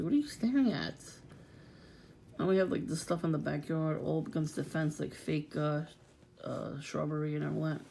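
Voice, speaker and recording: Woman, gravelly voice, dark tone, blunt profane casual rant, frequent laughs. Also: low voice. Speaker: vlogger.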